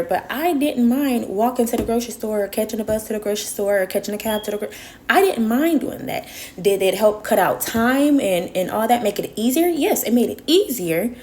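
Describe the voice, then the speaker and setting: A woman's voice: medium pitch, warm tone. A woman vlogger telling a personal story in a casual monologue, emphatic and repeating herself for stress, then giving earnest advice to her viewers.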